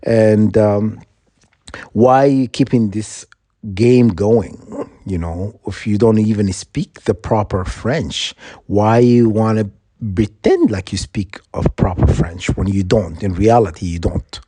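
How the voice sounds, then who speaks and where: Man, middle-aged, vlogger: warm, relaxed voice, rambling indignant storytelling, dry room. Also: on the low side, slow, dry recording. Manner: meandering, self-correcting, indignant; laughs through his own story.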